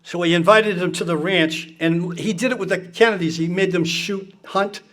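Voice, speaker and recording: A man's voice: high-pitched, normal speed, a bit bright. A man casually telling blunt, profane anecdotes to an audience, acting out the people he quotes with gusto. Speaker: speaker recounting political anecdotes.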